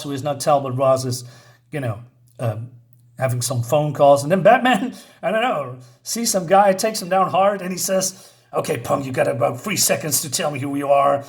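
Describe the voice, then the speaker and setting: Brief: male comic reviewer, loose and chatty, frequent chuckles, slightly high voice. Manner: chuckling often, rambling with fillers. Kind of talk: casual review chat.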